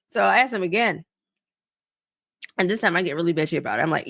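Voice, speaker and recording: A young woman on a podcast, telling a story in a loose, profane, animated way and acting out both sides of each exchange. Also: lowish voice, quick pace, creaky, no room sound, studio quality. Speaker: podcast co-host. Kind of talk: casual storytelling chat.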